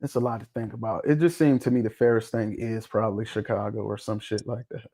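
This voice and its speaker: A man's voice: on the low side, fairly even intonation, quick pace, gravelly, warm tone. A man hosting a livestream in a loose, joking, profane way, laughing often. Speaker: livestream host. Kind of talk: casual livestream chat.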